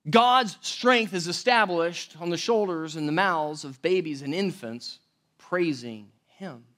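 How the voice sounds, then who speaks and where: A man preaching a sermon as pastor, conversational and animated, often checking in with the audience. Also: on the high side, unhurried.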